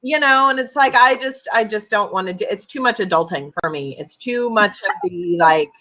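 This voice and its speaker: A woman's voice: mid-range voice, expressive, moderate pace, pushed and bright. A woman with a mid-range voice co-hosting a casual chat, talking in a blunt, wry way with offhand swearing. Her audio is muffled and dull, as over a webcam call. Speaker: co-host. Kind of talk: casual live-stream chat.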